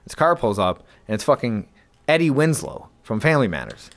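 A podcast co-host from upstate New York, talking in a loose, rambling way. He swears freely and fills his sentences with "um" and "you know". His voice sits at an ordinary mid pitch for a man. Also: sing-song, fairly quick. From Lewiston, New York. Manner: rambling, profane, lots of fillers. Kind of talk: casual storytelling chat.

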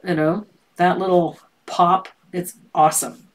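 A woman's voice: lowish voice, little pitch movement, unhurried, low-quality recording. A middle-aged woman teaching a live painting lesson, explaining steps in a playful, teasing way with frequent laughter. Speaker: painting instructor.

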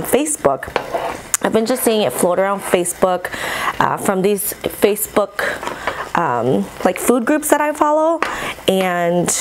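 A woman chatting casually to her viewers while she cooks, bubbly and excitable, recorded on a camera mic in a home kitchen. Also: medium pitch, background noise. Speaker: mukbang vlogger. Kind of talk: casual vlog chat while cooking.

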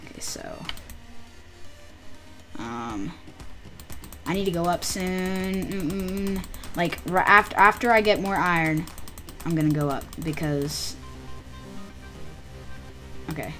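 A woman giving casual gameplay commentary, muttering to herself with excitable outbursts. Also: lowish voice, slow, pauses often, faint music behind. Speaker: gamer.

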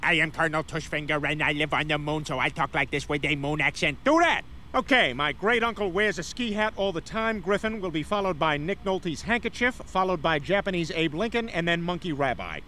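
A blustery cartoon dad, high and bright. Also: male voice, expressive, moderate pace, slight background noise. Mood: bossy. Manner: blustery, rambling, stammering when flustered. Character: bumbling loudmouth middle-aged cartoon dad. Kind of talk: animated cartoon acting.

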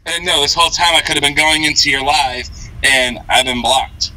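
Brief: male streamer, casual, profane, sharp bright voice pitched a bit high. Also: moderate pace, poor audio. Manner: swearing, loose filler-heavy talk. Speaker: fellow streamer. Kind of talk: casual chat.

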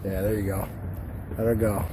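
A man's voice: fairly low pitch, flat delivery, moderate pace, warm tone, a little hiss or hum. A man hosting a fishing vlog, casually coaching his buddy from a canoe on a river and peppering his talk with "dude" and "man.". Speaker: fishing channel host. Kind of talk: casual chat while fishing.

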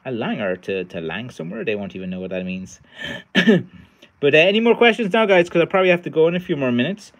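A man's voice: mid-range voice, lively intonation, fast talker. A middle-aged man, chatting tiredly on a livestream as its host, rambling with many fillers and restarts. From Ireland. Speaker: livestream host, stick maker. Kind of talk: casual livestream chat.

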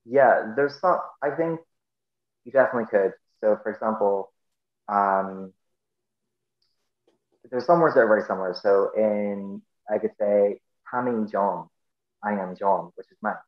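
A man's voice: fairly low pitch, a little slow, pauses often. A man with a Northern Irish accent, a podcast guest in casual conversation, explaining patiently with lots of fillers and restarts. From Northern Ireland. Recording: roomy, dull lo-fi sound.

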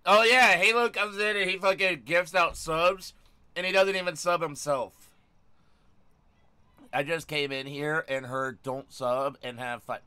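A young man streaming a game live, excitable and loud, yelling and swearing at his chat. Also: on the high side, unhurried, clear, resonant tone.

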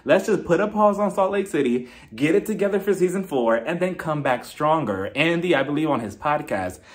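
Gossipy man recapping reality TV with a lively voice. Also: on the high side, fairly quick. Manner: gossipy, laughs often, mimics cast members. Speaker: TV recap reviewer. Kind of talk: casual solo review vlog.

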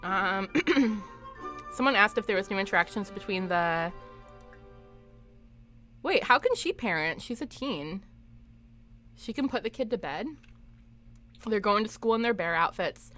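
A woman's voice: medium pitch, lively intonation, a little slow, long pauses, bright, forceful tone, faint music behind. A young woman chatting casually on a live game stream, laughing a lot and reading viewer comments aloud. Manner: giggly, laughs often, reads chat aloud. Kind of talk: live gameplay stream chat.

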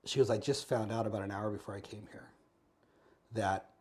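American guy telling a story on a podcast, talks fast, earnest, acts out the dialogue. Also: lowish voice, steady tone, a little mellow. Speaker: podcast guest. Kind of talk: storytelling in an interview.

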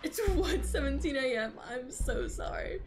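A young woman streamer plays a horror game live, jumpy and foul-mouthed as she yells back at the threat. Her voice sits on the high side, and quiet game music runs underneath. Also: lively intonation, moderate pace, creaky. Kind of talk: live gameplay commentary. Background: faint game music.

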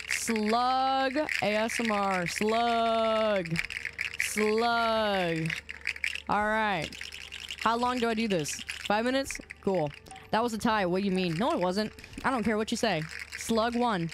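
A woman game streamer in casual live-stream chat, playful and teasing, arguing loudly with her chat. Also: a little high, normal speed, background noise. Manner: playful, teasing and argumentative, loud when riled.

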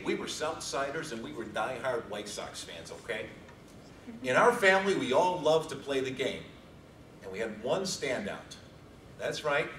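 A man from Chicago giving an animated, joking competition speech to an audience in a large hall. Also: a little high, slight background noise. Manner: animated storytelling with jokes. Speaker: speech contest contestant. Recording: echoey hall from far off.

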